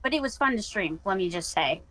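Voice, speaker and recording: A woman who streams, answering interview questions in a relaxed way and laughing easily. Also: medium pitch, quick pace, poor audio. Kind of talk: casual online interview.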